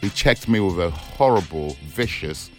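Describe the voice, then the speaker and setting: A boxing coach speaking with a lisp in a documentary interview, emphatic and repeating words for weight. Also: male voice, sits low, animated, unhurried, soft background music.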